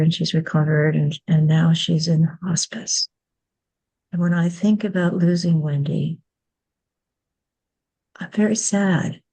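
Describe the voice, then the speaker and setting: A woman's voice: on the low side, creaky, warm tone. Earnest, reflective woman hosting a podcast. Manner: earnest and reflective, often restarts and repeats words. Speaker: podcast host. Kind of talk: candid conversational podcast.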